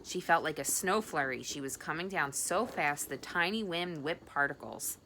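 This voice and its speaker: A woman reading a novel aloud, expressive, with the occasional slip. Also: low voice, normal speed, a little hiss or hum. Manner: expressive, with small slips. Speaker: audiobook reader. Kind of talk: audiobook narration.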